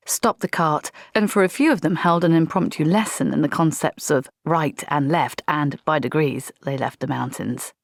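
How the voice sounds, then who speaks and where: A woman narrating a comic fantasy audiobook in a dry, measured storytelling manner. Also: deep voice, dry recording.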